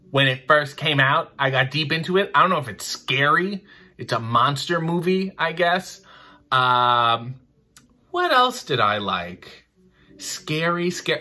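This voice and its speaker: Bright-voiced man with dry mock-pompous humor. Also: mid-range voice. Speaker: host answering viewer questions. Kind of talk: casual chat.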